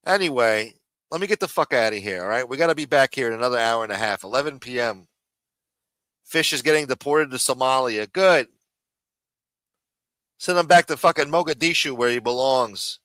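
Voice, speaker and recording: A man's voice: mid-range voice, animated, moderate pace, pauses often, bright, forceful tone, no echo. A man hosting a live stream in a casual, profane rant, with many fillers, repeated phrases and muttered asides.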